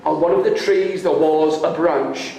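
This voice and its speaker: Animated male storyteller in echoey hall. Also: a little slow. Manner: animated, leaps into high voices for characters, coaxes the audience to join in. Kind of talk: live oral storytelling with audience participation. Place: college hall with a live audience. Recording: very echoey hall, faint background noise.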